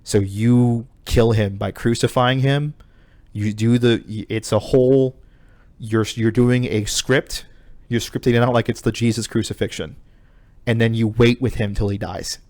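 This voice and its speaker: A man's voice: medium pitch, fairly even intonation, unhurried, a little mellow, no echo. A man co-hosting a podcast, casually retelling a video game story with lots of swearing and filler. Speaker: podcast co-host. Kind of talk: casual chat.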